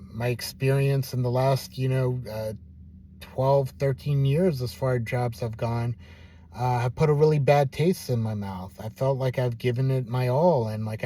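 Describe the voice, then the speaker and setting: Downcast middle-aged man, mellow voice. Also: mid-range voice. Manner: downcast, self-deprecating, musing. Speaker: vlogger. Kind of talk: personal video diary.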